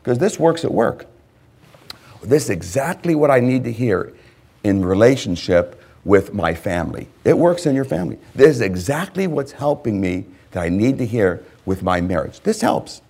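A male pastor preaching a sermon, emphatic, with repeated phrases and swings between loud and hushed delivery. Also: medium pitch, very animated, normal speed, gravelly.

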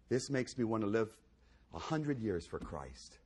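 A pastor preaching a sermon, swinging between loud exclamations and hushed near-whispers and repeating key phrases for emphasis. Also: male voice, fairly low pitch, sing-song, a little slow, a little hiss or hum.

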